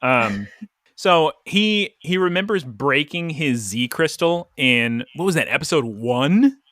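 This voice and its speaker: A man's voice: on the high side, expressive, takes it slowly, fairly bright tone, dry recording. A man co-hosting a podcast, recapping an anime episode in rambling, jokey casual chat full of "like". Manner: rambling, jokey, lots of "like" fillers. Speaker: podcast co-host.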